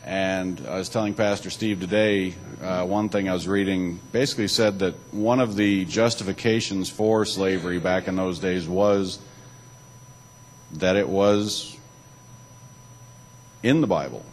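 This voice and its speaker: A low-voiced man delivers a church talk in an unhurried, fairly even tone, with some hiss or hum on a low-quality recording. He alternates reading with casual asides and sometimes restarts.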